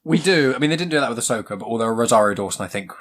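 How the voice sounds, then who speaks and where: A man's voice: mid-range voice, animated, rapid-fire, fairly bright tone. Rambling man hosting a chat. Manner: rambling, laughs often, many fillers. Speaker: podcast host. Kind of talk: casual chat reviewing a show.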